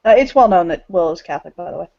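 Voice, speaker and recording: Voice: mid-range voice, expressive, very fast, gravelly, no room sound. A game master narrating a tabletop role-play, hesitant with many fillers. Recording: dull, dry lo-fi audio.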